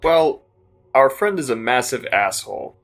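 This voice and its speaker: A man's voice: medium pitch, big pitch swings, unhurried, fairly bright tone, soft background music. A man joking around as a player at a tabletop game. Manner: joking, wisecracking.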